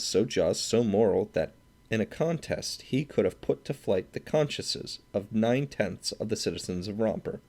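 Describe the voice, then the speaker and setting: Male audiobook narrator, very low voice, measured and steady. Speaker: audiobook reader.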